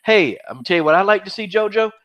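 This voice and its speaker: This man hosts an MMA podcast in a very fast, animated voice that sits high and has a fairly bright tone. He gets heated and mocking, says things over and over, and swears freely. The audio is dull and lo-fi.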